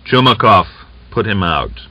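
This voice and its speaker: A hard, clipped rebel chieftain barks short orders in a raised, forceful voice, as a male narrator puts him on. The dull, lo-fi audiobook recording keeps it muffled. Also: on the low side, sing-song, measured pace, dry recording, full character voice. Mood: curt. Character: curt, commanding male rebel band leader.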